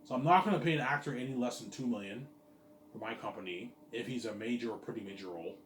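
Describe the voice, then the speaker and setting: A man's voice: medium pitch, quick pace. A man in a casual rambling monologue about his company plans, repeating stock phrases like "look at that" and "yeah, man". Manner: repetitive, keeps saying "yeah, man" and "look at that". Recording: echoey room, distant mic, faint ambient noise.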